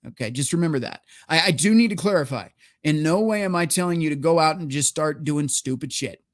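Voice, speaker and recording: A man's voice: fairly high pitch, a little fast, no echo. A man hosting a solo livestream, ranting in a heated, profane and emphatic way and reading viewer chats. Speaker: livestream host.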